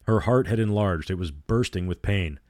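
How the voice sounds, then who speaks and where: Male storyteller, low and steady, reading dramatically in a dry booth. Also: normal speed, no room sound. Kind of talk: audiobook-style reading of a novel.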